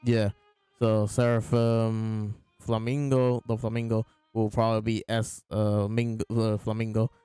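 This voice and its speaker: A man's voice: fairly low pitch, level tone, measured pace, mellow, smooth, dry recording. A man hosting a casual chapter review, retelling scenes by quoting the characters in his own voice over faint background music. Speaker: host reviewing comic chapters.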